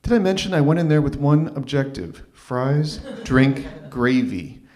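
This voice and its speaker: A man's voice: medium pitch, very animated, unhurried, darkish tone. Man, live storytelling set, wry, self-deprecating, stammering restarts, small venue stage. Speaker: open mic performer.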